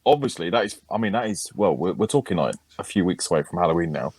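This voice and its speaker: A man's voice: low voice, lively intonation, quick pace, a little mellow, husky, dry recording. A man, co-hosting a podcast in a casual, crude, joking chat. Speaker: podcast co-host.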